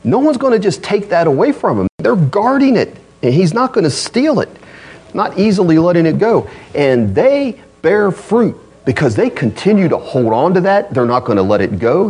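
Husky-voiced man preaching with lively swings. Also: fairly high pitch. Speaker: pastor. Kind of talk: sermon.

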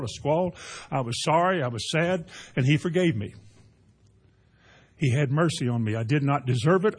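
A man preaching a folksy sermon, rising to loud emphatic peaks. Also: on the high side, breathy edge. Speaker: pastor.

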